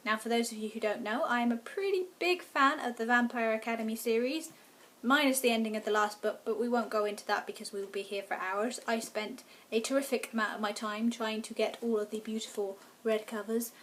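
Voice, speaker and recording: A woman's voice: a little high, steady tone, brisk, slight background noise. A woman, chatting enthusiastically to camera as a book vlogger. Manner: enthusiastic, gushing fan talk. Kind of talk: casual review chat to camera.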